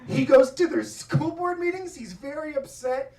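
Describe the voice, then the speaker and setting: A man telling a stand-up story on a comedy club stage, profane and animated, often breaking into laughter. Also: very high-pitched, normal speed, distant mic, noisy background. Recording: echoey club miked from afar. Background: audience laughter.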